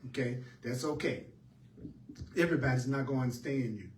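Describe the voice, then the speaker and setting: A man's voice: mid-range voice, brisk, slight background noise. A man teaching a spiritual class, repeating his points with an emphatic, preacher-like cadence. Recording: echoey room heard from a distance.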